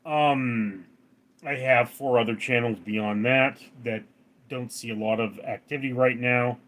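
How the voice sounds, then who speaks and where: Outdoors at night, a Los Angeles man runs a laid-back livestream, reading chat and responding in a meandering way. He speaks a little slowly in a medium-pitched, steady voice with a fairly bright tone.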